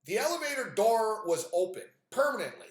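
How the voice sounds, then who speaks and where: Guy ranting on his stream, swears a lot, kinda high voice, echoey room. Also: very animated, fairly quick. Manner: exasperated, profane storytelling with frequent fillers. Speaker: live stream host. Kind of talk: profane ranting monologue.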